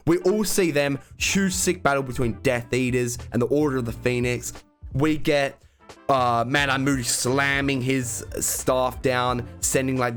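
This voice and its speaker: A young man chatting as an excitable fan, gushing over scenes and drawing out his words at an unhurried pace. His voice sits at an ordinary middle pitch. Faint music plays softly behind him. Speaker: YouTube reaction host ranking films. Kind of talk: casual enthusiastic film review chat.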